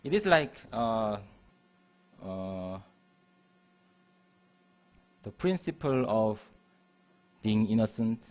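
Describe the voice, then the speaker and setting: A man's voice: on the low side, big pitch swings, very slow, long pauses. Man lecturing on math. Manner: repeats and restarts phrases while explaining. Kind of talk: classroom lecture. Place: university lecture room.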